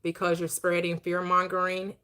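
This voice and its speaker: A woman hosting a live online discussion, quoting scripture in a slow, emphatic, preaching cadence and talking in a casual dialect. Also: lowish voice, completely flat delivery, bright, forceful tone, clear, resonant tone. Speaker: host of an online live audio room.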